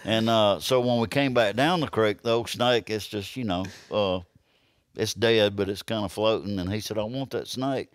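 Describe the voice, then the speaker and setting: A man's voice: on the low side, normal speed. A middle-aged man from Alabama with a Southern accent, telling a hunting story in casual podcast talk and acting out the quoted lines. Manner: lively yarn-spinner who acts out quoted lines. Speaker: podcast guest.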